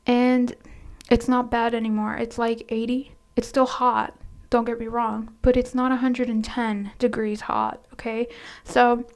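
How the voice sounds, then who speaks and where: A soft-spoken woman tells a casual storytime in a fairly high but gravelly voice. Her delivery is flat and level, with hesitant restarts, and she often drops into near-whispers. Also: unhurried. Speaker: storytime vlogger.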